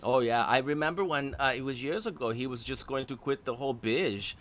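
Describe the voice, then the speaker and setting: A man's voice: medium pitch, fairly quick, fairly bright tone, lightly acted. A man playing a vain, flamboyant German male pop star who hosts the show, with a put-on German accent and constant giggles. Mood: hammy. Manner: hammy, self-adoring, giggly. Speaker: host.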